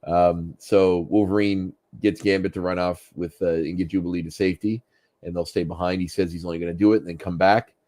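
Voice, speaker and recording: A man's voice: sits low, fairly even intonation, a little fast, a little mellow. A man co-hosting a casual podcast, recapping a cartoon episode in a chatty way and laughing often. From Canada. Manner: chatty, laughs often, slips into jokey voices. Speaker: podcast co-host.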